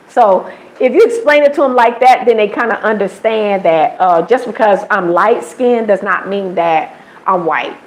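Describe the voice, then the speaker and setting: An American woman hosting a casual livestream, telling animated stories, acting out other people's voices and laughing often. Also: mid-range voice, a little slow, rough recording. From United States. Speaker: livestream host.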